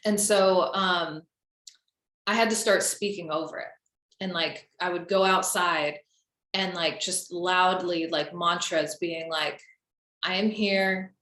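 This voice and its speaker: A woman's voice: fairly low pitch, fairly even intonation, takes it slowly, fairly bright tone. A young woman coaching listeners on confidence in a casual, chatty way, full of "um" and "like.". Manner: chatty, lots of fillers like "um" and "like". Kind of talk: casual spoken teaching. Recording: echoey room.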